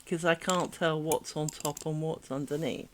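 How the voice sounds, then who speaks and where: A woman's voice: low-pitched, steady tone, normal speed, a little hiss or hum. A woman with a light London-ish English accent, chatting casually on a craft stream while she works. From England. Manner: chatty, rambling, muttering to herself while working. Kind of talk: casual live-stream chat while making lace.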